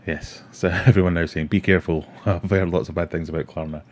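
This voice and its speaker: A man's voice: low voice, fairly even intonation, a little fast, darkish tone. A middle-aged Scottish man hosting a casual livestream, rambling chattily and reading out viewer comments. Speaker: livestream host. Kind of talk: casual live-stream chat.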